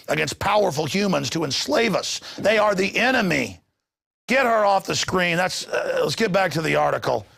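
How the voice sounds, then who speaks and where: A man hosting a news commentary show, ranting with passion and bursting into shouts. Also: high-pitched, vocal fry, slightly rough, no room sound, studio quality. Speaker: talk show host. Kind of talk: heated news commentary monologue.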